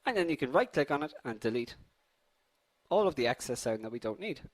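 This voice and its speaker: A man's voice: medium pitch, big pitch swings, brisk. A young man hosting a live online coding tutorial, upbeat and chatty, addressing viewers as guys while a slight cold affects his voice.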